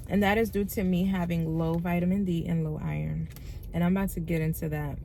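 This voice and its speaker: A woman's voice: on the low side, creaky, mellow, a little hiss or hum. A young woman talking casually and candidly to camera in a vlog, chatty and open. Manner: chatty, candid, says like a lot. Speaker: vlogger.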